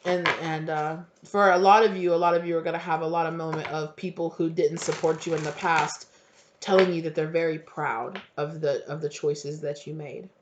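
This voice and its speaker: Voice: mid-range voice, fairly even intonation, moderate pace, noisy background. A tarot reader talks through a casual reading in a mid-range voice that is heartfelt and rambling, full of fillers and the odd swear. The sound is dull and lo-fi.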